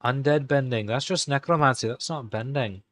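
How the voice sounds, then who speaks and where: A man hosting a live stream, talking casually and halting as he types commands. He mutters to himself and corrects himself, all in an exaggerated put-on Irish accent. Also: medium pitch, fairly bright tone, dry recording. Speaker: live-stream host coding game commands. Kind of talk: casual live-stream commentary while typing.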